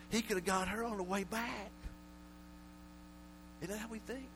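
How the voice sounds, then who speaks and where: A man preaching a sermon in a voice sitting a touch high, rising from hushed, low stretches into shouted appeals. He often stumbles over and repeats his words. A steady electrical hum runs beneath the recording. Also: normal speed, pauses often. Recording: mains hum under the voice.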